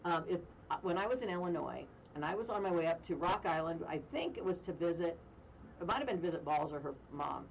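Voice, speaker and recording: A woman radio host telling a funny story in casual chat, animated and self-mocking, with deadpan jokes. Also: lowish voice, fast talker, far from the mic, lo-fi sound, slight background noise. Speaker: radio talk show host.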